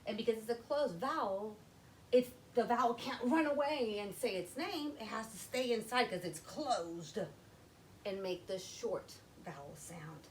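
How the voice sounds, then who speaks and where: A woman teaching young children to read, walking through each step slowly and patiently. Her pitch swings widely as she speaks, and a faint hiss sits under her voice. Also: expressive, poor audio. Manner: slow, step-by-step, addressing children. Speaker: literacy teacher. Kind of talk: classroom phonics lesson.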